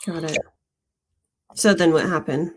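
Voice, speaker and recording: A woman hosts an interview and gently steps in with questions. Her voice sits on the lower side, and her manner is polite. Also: fairly even intonation, a little slow, husky. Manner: polite, asks follow-up questions. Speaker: interview host.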